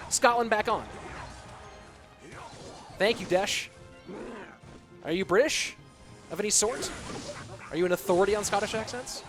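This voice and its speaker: Chatty American esports caster. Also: male voice, high-pitched, fairly bright tone. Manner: chatty, reads and answers viewer chat. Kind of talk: live esports commentary with chat banter.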